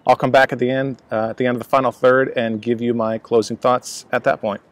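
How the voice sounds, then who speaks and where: A man's voice: mid-range voice, little pitch movement, a little fast. A man casually reviewing a cigar outdoors, rambling with many fillers and restarts. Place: outdoors at a laptop, breezy day.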